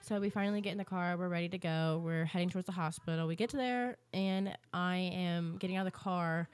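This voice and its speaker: A young woman co-hosting a podcast, chatty and animated as she retells a story with many fillers. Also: lowish voice, a little fast, clear, resonant tone. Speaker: podcast co-host. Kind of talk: casual storytelling chat.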